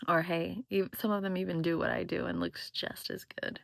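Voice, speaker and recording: A woman's voice: fairly low pitch, steady tone, normal speed, gravelly, dry recording. A woman chatting casually about her crochet work in a rambling, self-deprecating way. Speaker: crochet vlogger. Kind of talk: casual chat.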